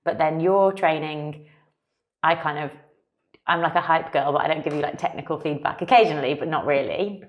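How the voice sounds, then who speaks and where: Low-voiced chatty woman. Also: brisk, muffled recording. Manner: chatty, laughs often, trails off mid-sentence. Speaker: podcast co-host. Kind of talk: casual chat.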